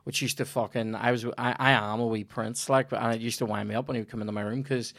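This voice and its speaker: A man's voice: mid-range voice, quick pace, gravelly, dry recording. Northern Irish man, podcast host, profane storytelling, dry close sound. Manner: sweary, animated anecdote telling. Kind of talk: casual comedy podcast chat.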